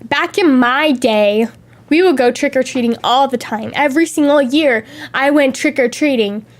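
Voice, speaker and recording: A young woman with a high, light voice chats casually on a stream. She is sick with a lingering cough and tells stories in an animated, lively way. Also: moderate pace. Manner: animated, chatty storytelling with acted-out quotes. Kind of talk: casual chat.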